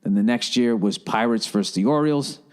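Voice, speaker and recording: A man's voice: medium pitch, a little fast. A man hosting a solo podcast in a rambling, profane monologue with sarcastic asides. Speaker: podcast host.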